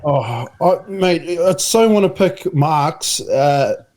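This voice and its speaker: A man chatting casually about rugby, relaxed and a bit hesitant. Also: fairly high pitch, slow.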